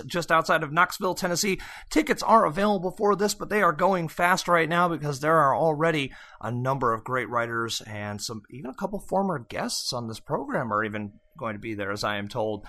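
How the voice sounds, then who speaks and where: Chatty, bright-voiced male podcast host. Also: fairly high pitch. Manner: chatty and upbeat, with joking asides. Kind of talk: casual podcast intro and announcements.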